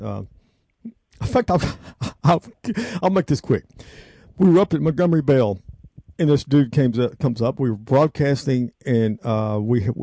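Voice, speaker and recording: Gravelly, excitable host. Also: male voice, mid-range voice, no room sound, clean studio sound. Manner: excitable, emotional, laughs often, wanders off track. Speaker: radio show host. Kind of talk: rambling casual storytelling.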